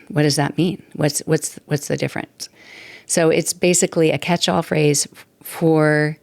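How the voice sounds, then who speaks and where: A woman's voice: low voice, creaky, no echo. A woman in her sixties hosting a podcast, talking casually and rambling, with frequent laughs. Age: 60s. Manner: chatty, rambling, laughs often. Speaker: podcast host. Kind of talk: casual solo talk. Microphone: desktop mic at computer.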